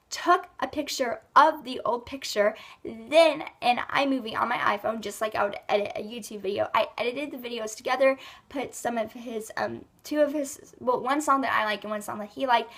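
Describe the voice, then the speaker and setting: A woman's voice: a little high, a bit bright. A woman vlogger with a stuffy nose from a cold, rambling casually through her monthly favorites with lots of fillers. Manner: chatty and rambling, many fillers like "like" and "um". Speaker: beauty and lifestyle vlogger.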